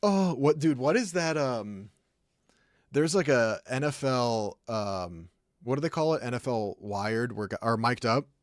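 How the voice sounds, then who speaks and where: With an animated, medium-pitched voice at a measured pace, a young streamer chats his way through hockey footage. He rambles, leans on fillers, and acts out sounds, all captured at studio quality with no room sound.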